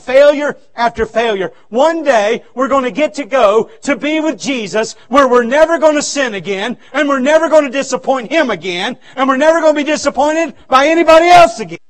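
Male revival preacher, very high voice, fervent, shouts then drops low. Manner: fervent preaching that swings from loud shouts to low, quiet stretches. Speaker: pastor. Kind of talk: revival sermon. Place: church.

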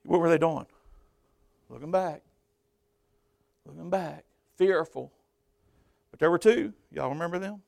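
Gravelly preacher man, high voice. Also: a little slow, pauses often, no echo. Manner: preaching with surges of loud, high emphasis and quieter asides. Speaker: pastor. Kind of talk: sermon. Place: church pulpit.

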